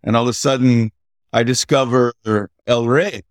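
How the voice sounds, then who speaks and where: A man's voice: mid-range voice, moderate pace, no room sound, clean studio sound. Chatty middle-aged man telling stories. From United States. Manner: animated, laughs while telling stories. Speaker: podcast guest. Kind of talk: casual storytelling chat.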